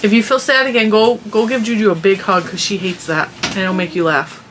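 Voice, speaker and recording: A woman's voice: mid-range voice, fairly even intonation, brisk, noisy background. A woman hosting a vlog, chatting casually and teasingly with her child in a motherly way.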